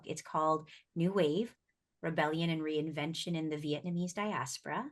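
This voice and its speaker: A woman guest talks over a video call in an upbeat, eager way. Her voice sits very low for a woman. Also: steady tone, normal speed. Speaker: guest filmmaker. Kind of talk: casual chat.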